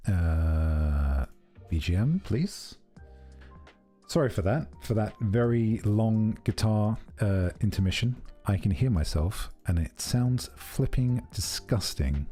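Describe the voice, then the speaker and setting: A man's voice: fairly low pitch, lively intonation, slow pace, mellow, faint music behind. A young man chatting casually and rambling playfully on a live stream, very close to the microphone.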